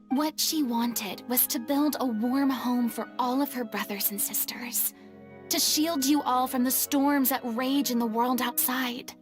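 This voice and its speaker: An actress playing a stern but caring young woman who lectures two quarreling actors, in game voice acting. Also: high-pitched. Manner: firm, lecturing.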